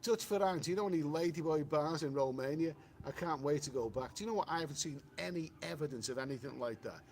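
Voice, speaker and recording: A man's voice: fairly high pitch, fast talker, a little mellow. A man with a Liverpool accent hosting a travel live stream, reading viewer comments aloud in a loose, rambling way with many restarts and fillers. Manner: rambling, frequent restarts and "you know" fillers.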